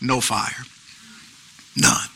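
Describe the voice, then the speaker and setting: A pastor preaching an animated sermon with features, calling out to the congregation. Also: male voice, very slow, rough recording. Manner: animated preaching with call-and-response asides.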